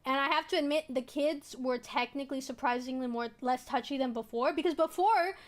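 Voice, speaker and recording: A young woman streamer with a high voice tells a personal story in a loose, chatty way. She rambles, restarts her sentences and fills them with little fillers. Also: brisk. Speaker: VTuber streamer.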